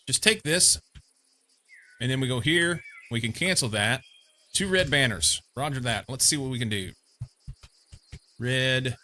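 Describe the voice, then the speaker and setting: A man's voice: medium pitch, vocal fry, sharp tone, slight background noise. A young man from Missouri streaming a game, chatting casually and rambling with lots of fillers. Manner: rambling, meandering, many fillers. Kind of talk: casual chat while playing a game.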